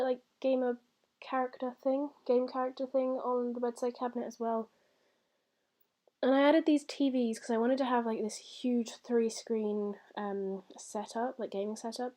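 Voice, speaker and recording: Young woman chatting over gameplay, bit breathless, soft mellow tone, lots of um and like. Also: a little high. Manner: chatty, rambling with many fillers. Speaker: gaming YouTuber. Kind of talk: casual voice-over commentary.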